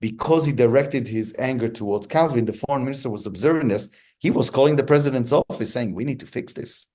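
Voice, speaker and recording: A man's voice: mid-range voice, quick pace. A man being interviewed as a hostage negotiator, telling stories reflectively with frequent restarts. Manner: thoughtful, many restarts, relaxed storytelling pace.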